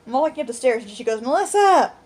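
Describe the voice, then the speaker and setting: A woman's voice: fairly high pitch, racing, mellow. A woman co-hosting a casual podcast, telling stories animatedly and swearing freely. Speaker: podcast co-host. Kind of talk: casual storytelling chat.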